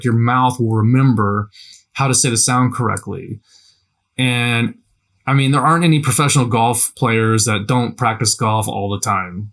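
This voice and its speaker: A language teacher with a medium, slightly bright voice gives a casual, conversational lesson on language practice. He repeats himself often and keeps asking "right?"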